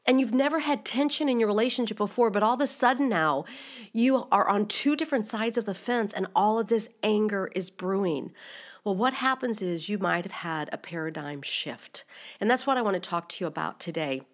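A woman's voice: medium pitch, animated, brisk. A middle-aged woman hosting a faith-based podcast, teaching in an earnest, direct way and asking her listeners many rhetorical questions. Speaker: podcast host.

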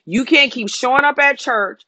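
A woman's voice: high voice, normal speed, pushed and bright, dry recording. A woman preaching a sermon, repeating phrases and declaring in an emphatic way.

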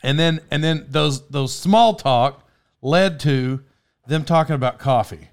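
Male podcast host with a fairly high voice, chatty and rambling, trips over his own sentences and laughs a lot, studio recording. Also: a little slow, clear, resonant tone. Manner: rambling, self-interrupting, laughs often. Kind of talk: casual storytelling chat.

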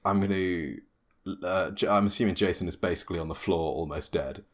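A man playing a tabletop game, talking quickly and joking. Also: deep voice. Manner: quick and jokey. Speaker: player. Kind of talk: casual game chat.

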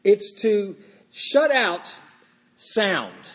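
Halting middle-aged man giving a sermon. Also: high-pitched, wildly swooping pitch. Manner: informal, halting, frequent fillers and restarts. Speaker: pastor.

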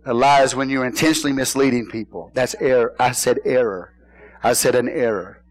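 A man's voice: mid-range voice, fairly quick, low-quality recording. A man preaching a sermon in church, folksy and joking, often asking the congregation questions. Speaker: pastor.

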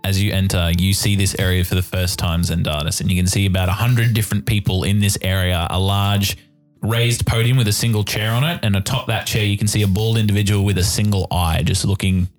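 A man's voice: low-pitched, fairly even intonation, fairly quick, soft background music. A man narrating as game master of a tabletop game, in loose, chatty narration.

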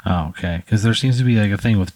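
A man in improvised comic banter, asking deadpan, incredulous questions. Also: fairly low pitch, fast talker, dry recording.

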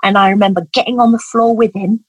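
A woman's voice: medium pitch, steady tone, quick pace, husky, dry recording, lo-fi sound. A middle-aged woman, telling an emotional personal story as an interview guest in an earnest, vivid way. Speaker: guest, parent advocate.

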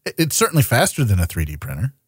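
A man's voice: medium pitch, wildly swooping pitch, rapid-fire, husky, no room sound, clean studio sound. Laughing, profane male podcast co-host. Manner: profane, jokey, laughs often. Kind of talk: casual chat.

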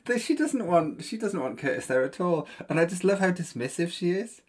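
A woman talks with real enthusiasm about a favourite TV episode, and her pitch swoops widely as she goes. She laughs often and drops into quick impressions of the characters. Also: very animated, darkish tone, breathy edge. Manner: enthusiastic, laughs often, acts out scenes in quoted voices. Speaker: podcast co-host. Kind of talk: casual chat about a TV series.

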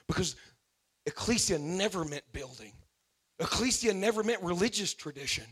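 A high-pitched man preaches a sermon, working up to fervent declarations. He repeats key lines and calls out to his listeners as a pastor. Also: lively intonation, moderate pace, pauses often, a bit bright, husky. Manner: preaching with rising fervor and repetition.

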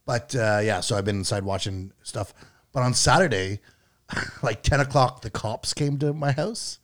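A male co-host talks in an easygoing podcast chat, with a mid-pitched voice. He laughs often and lets his sentences trail off quietly. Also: normal speed.

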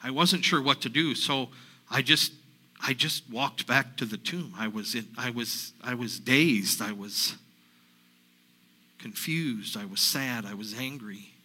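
A man in character as a grieving woman disciple, telling her story in a halting sermon monologue that stumbles and repeats. The voice is mid-pitched and strikingly bright and tense, full of restarts. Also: husky, full character voice, poor audio. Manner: halting, repeats himself, emotional retelling. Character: grieving woman disciple recounting the empty tomb. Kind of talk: first-person dramatic monologue sermon.

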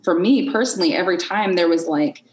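A woman as a podcast guest in an unscripted conversation, candid and expressive, swearing freely and acting out her inner voices. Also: on the low side, fast talker, echoey room, rough recording.

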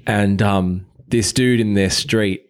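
Aussie co-host, low voice, easy podcast banter, goes squeaky doing impressions. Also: male voice, steady tone, slow, clear, resonant tone. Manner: chatty, jumps high when mimicking people. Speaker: dog trainer, podcast co-host. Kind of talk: casual podcast chat.

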